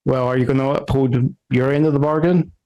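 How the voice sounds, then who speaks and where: A man's voice: medium pitch, steady tone, a little fast, warm tone, smooth, lightly acted, low-quality recording. A man playing a nervous masked man. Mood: demanding. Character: hunched masked man in black, nervous errand-runner.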